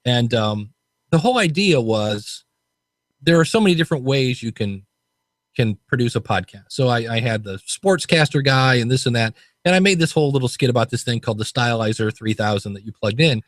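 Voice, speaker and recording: A man's voice: mid-range voice, expressive, a little fast, no echo. A man hosting a podcast, chatting casually and animatedly, laughing easily at himself. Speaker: podcast coach host.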